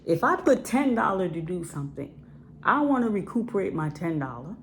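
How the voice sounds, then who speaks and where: Very animated and a little fast, her mid-range voice comes with a touch of hiss or hum. The woman, an independent filmmaker from Ohio, USA, speaks casually and directly to her viewers, blunt and emphatic, repeating words for stress.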